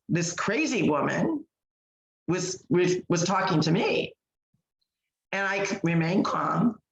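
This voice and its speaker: A woman's voice: lowish voice, creaky, lo-fi sound. Emphatic woman podcaster in an echoey room. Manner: animated, emphatic, with many fillers and restarts. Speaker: podcast co-host. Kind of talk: casual storytelling chat.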